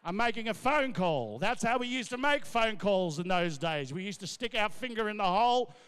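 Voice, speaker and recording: An Australian man works as a comedian and MC, doing stand-up in a large gala ballroom. His high, bright voice is clear and resonant, with lively intonation, and he riffs rapidly in a brash, loud way. The recording is echoey, with the ballroom's long reverb.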